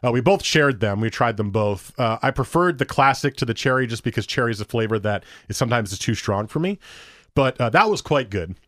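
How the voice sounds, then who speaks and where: A man's voice: medium pitch, expressive, a little fast, fairly bright tone, dry recording, studio quality. A man co-hosting a podcast, chatting casually about beer and telling rambling stories with acted-out dialogue. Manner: rambling, storytelling, acts out quoted dialogue. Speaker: podcast co-host.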